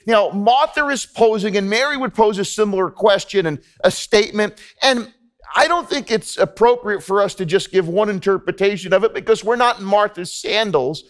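Speaking in a high, slightly bright voice, a man gives a sermon as pastor in a church sanctuary. He addresses the congregation earnestly and conversationally, with frequent repetition.

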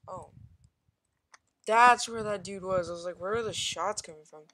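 This is a gamer narrating their own shooter match in a loose, rambling way, thinking aloud and poking fun at their own mistakes. The voice sits at an ordinary middle pitch, with repeated quick exclamations and plenty of ums and likes. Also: fairly bright tone. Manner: frequent fillers and repeated exclamations. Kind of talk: casual gameplay commentary.

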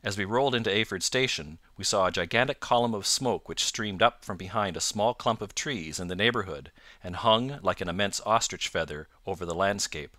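A man narrating an audiobook in a steady, formal storytelling manner. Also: sits low, brisk, dry recording, clean studio sound. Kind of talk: scripted narration.

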